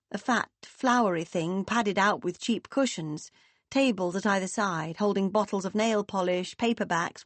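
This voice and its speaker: A woman narrating an audiobook, reading in an expressive way and lifting her voice for the characters. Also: medium pitch, no echo. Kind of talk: scripted narration.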